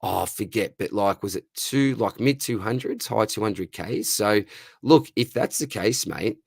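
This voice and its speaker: An Australian man hosting a casual livestream Q&A, hoarse from losing his voice, chummy, calling everyone mate and brother. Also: lowish voice, expressive, moderate pace, darkish tone, no room sound. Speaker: livestream host answering viewer questions.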